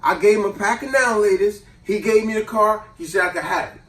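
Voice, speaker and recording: Animated high-voiced male storyteller. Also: quick pace. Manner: animated, slangy, acts out voices. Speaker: host. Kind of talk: casual storytelling chat. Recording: roomy echo, distant mic.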